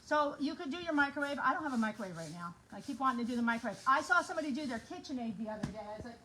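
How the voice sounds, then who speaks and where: A bubbly middle-aged woman talks through a craft project in her kitchen, chatting as she works. Her voice sits a little high. There is a faint hum of noise behind her. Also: expressive, very fast, few pauses. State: out of breath. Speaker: craft vlogger. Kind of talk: casual demo chat. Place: home kitchen.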